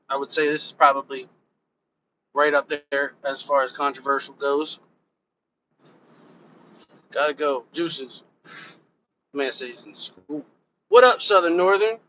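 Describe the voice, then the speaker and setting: Casting note: man, live-stream host, bright and fairly high voice, loose rambling delivery, lo-fi audio. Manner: loose, rambling, curses casually, talks straight to viewers. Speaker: reaction channel host and rapper. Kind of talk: casual live-stream chat. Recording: dull lo-fi sound with faint background noise.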